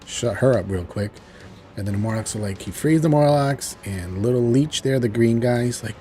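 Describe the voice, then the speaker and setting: A man's voice: medium pitch, normal speed, dark tone. A man giving a casual, chuckling recap of a TV episode as he loosely paraphrases its dialogue. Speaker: TV show reviewer.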